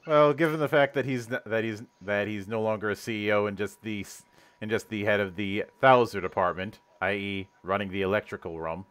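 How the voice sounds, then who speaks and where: A man's voice: lowish voice, steady tone, brisk, fairly bright tone. A man hosting a casual podcast chat, rambling and often restarting his sentences with stammered repeats. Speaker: host.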